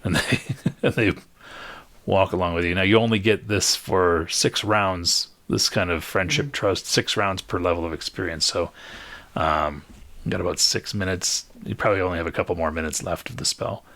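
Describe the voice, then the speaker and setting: A man's voice: low voice, steady tone, normal speed, fairly bright tone. A man running a tabletop game as game master, laid-back and chuckling between his descriptions.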